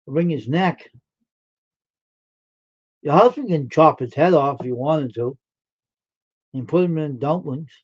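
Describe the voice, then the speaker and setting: A man's voice: a little high, animated, a little slow, pauses often. Folksy chatty man on a lo-fi stream. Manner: folksy, chatty, answers chat comments. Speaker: live stream host. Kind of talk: casual chat with viewers.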